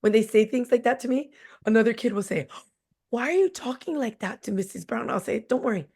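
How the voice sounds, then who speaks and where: A woman's voice: fairly high pitch, lively intonation, a little fast, a little mellow, slightly rough. A woman in her forties, a teacher, telling stories from her classroom in a candid, blunt and jokey way. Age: 40s. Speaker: teacher, guest. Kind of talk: candid conversational storytelling.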